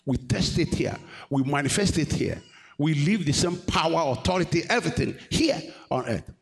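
A man's voice: a little high, lively intonation, moderate pace, creaky. Preaching man, call-and-response. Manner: call-and-response, questioning the congregation; rising to emphatic peaks. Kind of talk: sermon.

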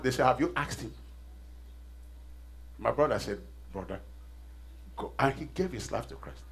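A man's voice: a little high, husky. A middle-aged man preaching a sermon, leading call-and-response and repeating phrases with rising intensity. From Nigeria. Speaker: pastor.

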